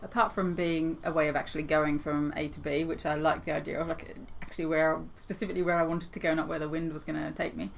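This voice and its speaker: A woman from the UK, a paramotor pilot, talking as a podcast guest in a thoughtful, halting way. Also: sits low, little pitch movement, gravelly, slight background noise. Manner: thoughtful, halting, restarts phrases. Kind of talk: casual interview chat.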